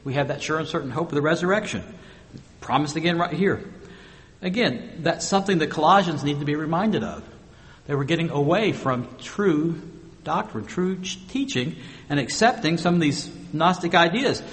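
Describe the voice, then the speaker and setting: A man preaching a sermon with emphatic rhetorical questions, moving between loud stressed phrases and quiet asides. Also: fairly high pitch, animated, normal speed, big-room sound. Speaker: pastor.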